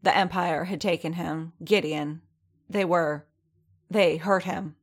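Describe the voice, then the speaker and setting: A woman reading the lines of an angry, restrained male warrior in a low, tense voice. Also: steady tone, slow, slightly rough, full character voice. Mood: strained.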